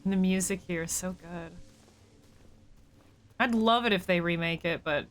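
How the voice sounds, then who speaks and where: A woman's voice: fairly low pitch, moderate pace, faint music behind. A woman streamer chatting casually as she plays, thinking aloud and talking to her viewers. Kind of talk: casual gameplay commentary.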